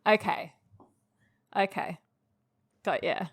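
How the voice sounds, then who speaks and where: A woman co-hosts a podcast, chatting casually and giggling often. She reacts quickly to whatever her co-host says. Her voice sounds dry and close, with no room around it. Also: mid-range voice, breathy edge, no echo. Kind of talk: casual chat about an anime.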